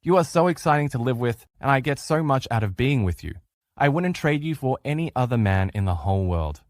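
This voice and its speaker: A middle-aged man coaches listeners through a relationship lesson in an earnest, persuasive way. His pitch moves a lot as he talks. The recording is dry and close. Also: sing-song, brisk, dry recording. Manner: earnest, coaching, acts out quoted replies in changed voices.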